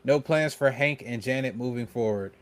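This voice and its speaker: Male podcast co-host, steady matter-of-fact reader, mid-range voice. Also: medium pitch, normal speed. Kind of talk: casual podcast chat, reading out an article and Q&A.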